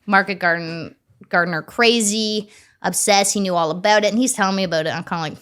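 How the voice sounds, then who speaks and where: A woman's voice: medium pitch, fast, smooth. Chatty woman telling stories. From Ontario, Canada. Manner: animated, chatty, swears casually, acts out quoted dialogue. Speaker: farmer, interview guest. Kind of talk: casual storytelling interview.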